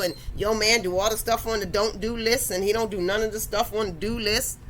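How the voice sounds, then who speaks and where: High, bright-voiced woman preaching casually. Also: slight background noise, poor audio. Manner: conversational and preachy, addresses listeners directly. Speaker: podcast host. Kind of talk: faith talk.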